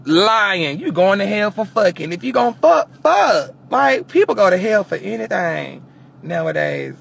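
A man vlogging casually from inside a car, joking loudly and cursing as he talks to his viewers. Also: sits high, huge pitch swings, unhurried, vocal fry, husky. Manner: loud, joking, profane banter with the viewers. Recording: car noise in the background.

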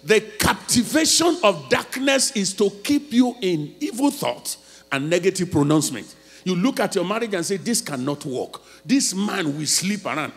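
High-voiced preacher with a faint hum. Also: male voice, vocal fry. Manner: swings from quiet storytelling to loud shouted preaching. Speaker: pastor. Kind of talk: sermon.

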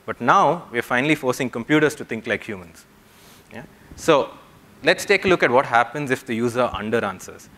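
A young man giving a conference talk, explaining patiently and often checking in with the audience with a quick "yeah?". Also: mid-range voice, lively intonation, fairly bright tone. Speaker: conference speaker. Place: conference hall.

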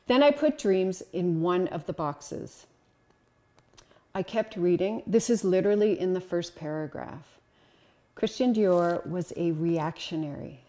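Giving a slide presentation to an audience, a woman lecturer speaks conversationally and encouragingly, often saying um and uh. Her voice is mellow and on the low side.

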